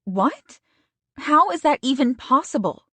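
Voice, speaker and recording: Woman narrator putting on a caring best friend, raised pitch, concerned, sympathetic, audiobook. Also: expressive, unhurried, no echo.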